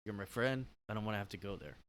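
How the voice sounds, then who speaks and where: A man's voice: on the low side, quick pace, fairly bright tone. A man hosting a casual solo podcast from his room, rambling and hesitant, full of "like". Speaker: podcast host.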